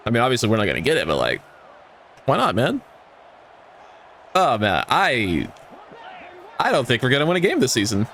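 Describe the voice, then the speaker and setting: A man's voice: medium pitch, huge pitch swings, moderate pace, long pauses, fairly bright tone, a little hiss or hum. A man giving casual gameplay commentary, swearing and ranting at the game with exasperation. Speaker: gaming YouTuber.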